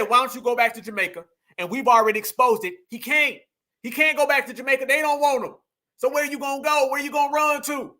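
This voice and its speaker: High, bright-voiced ranting man. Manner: animated, profane, talks straight to the audience. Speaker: livestream host. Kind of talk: ranting commentary.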